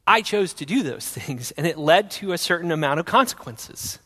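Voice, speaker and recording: A young man telling his personal faith testimony in an earnest storytelling way, going from loud to hushed. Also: on the high side, expressive, normal speed, husky, long reverb tail.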